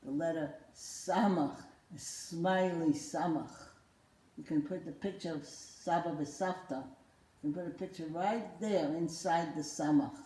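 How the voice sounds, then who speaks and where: Slow-spoken grandmotherly woman teaching children. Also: deep voice, warm tone, a little hiss or hum. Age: older. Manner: slow, playful, coaxing, repeats words for kids to echo. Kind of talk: children's lesson with a puppet. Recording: roomy echo.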